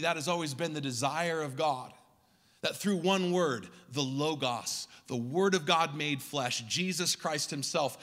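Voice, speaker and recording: A male pastor giving a Christmas Eve sermon in rhythmic preaching cadence, swinging from loud to hushed. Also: fairly high pitch, long reverb tail. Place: church sanctuary.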